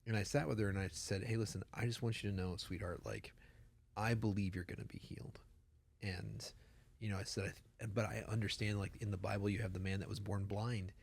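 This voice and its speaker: Male pastor co-host, 30s, low raspy voice, animated conversational delivery. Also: fast. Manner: animated storytelling, emphatic repetition. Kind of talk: casual podcast conversation.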